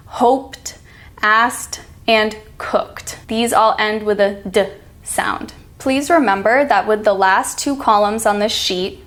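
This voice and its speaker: A woman with an American accent teaching an online pronunciation lesson, reading example words slowly and deliberately. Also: on the high side.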